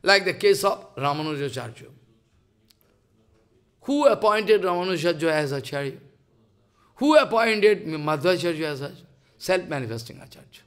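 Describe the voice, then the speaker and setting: A man with a Bengali accent giving an impassioned devotional sermon, halting and repeating phrases, acting out quoted dialogue. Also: fairly high pitch, animated, smooth. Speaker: spiritual teacher.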